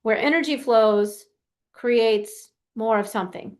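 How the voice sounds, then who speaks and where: A woman's voice: on the high side, takes it slowly, darkish tone. A woman coach giving casual advice about young athletes. She talks in a chatty, loose way, full of "like" and "you know", and often acts out the kids she describes. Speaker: youth sports performance coach. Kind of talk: casual advice talk, answering a question.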